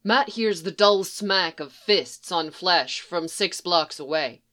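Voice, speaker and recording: A woman narrating a fan fiction story in a steady, even storytelling manner. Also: fairly low pitch, slow. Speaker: fanfic audiobook reader. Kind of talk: scripted narration.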